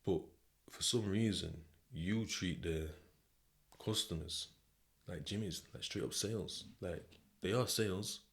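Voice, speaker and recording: A man's voice: deep voice, measured pace. A British man hosting a podcast, telling a story in the second person in a casual, slang-heavy way. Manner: slang-heavy, conversational, repeats "do you know what I mean". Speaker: podcast host.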